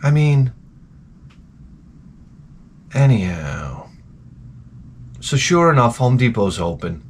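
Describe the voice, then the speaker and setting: A man ranting profanely in a rambling vlog monologue, exasperated, swinging between loud outbursts and low muttering. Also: very animated, normal speed, slight background noise. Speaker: vlogger.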